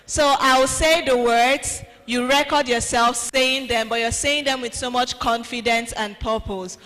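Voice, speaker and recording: A woman's voice: fairly high pitch, steady tone, a little slow, a bit bright. A woman hosting a conference, leading affirmations and introducing speakers with rousing energy. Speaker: event host. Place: large conference hall. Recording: echoey hall with faint music.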